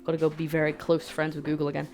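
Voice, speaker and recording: Hosting a cooking livestream over faint music, a woman chats playfully with her viewers as she works. Oddly, her deep, slightly mellow voice is completely flat in delivery and very fast.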